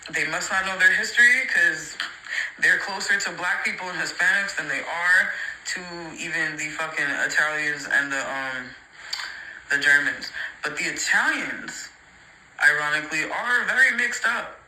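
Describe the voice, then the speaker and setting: A man's voice: a little high, normal speed, sharp tone, poor audio. Fired-up man ranting to camera. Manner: heated, emphatic, repeats points, profane, mocking. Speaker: social media creator. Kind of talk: opinionated rant to camera.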